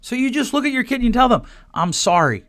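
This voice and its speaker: A man's voice: very high-pitched, fairly even intonation, rapid-fire, fairly bright tone, dry recording, studio quality. A man in his forties hosting a solo podcast, talking bluntly and animatedly, quoting people in put-on voices. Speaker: podcast host.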